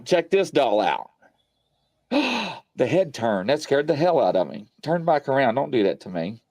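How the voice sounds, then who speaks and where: A man hosting a paranormal show from his home studio, telling stories in a rambling, animated way full of fillers. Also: medium pitch, no room sound. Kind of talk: casual live-stream chat.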